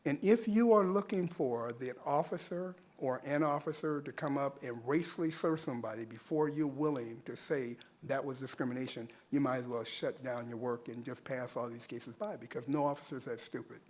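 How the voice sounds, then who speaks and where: A man's voice: mid-range voice, normal speed, few pauses, a little mellow. A man speaking earnestly at a public meeting, using rhetorical questions and repeating points for emphasis at a podium microphone. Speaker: public commenter. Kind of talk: public comment at a civic meeting.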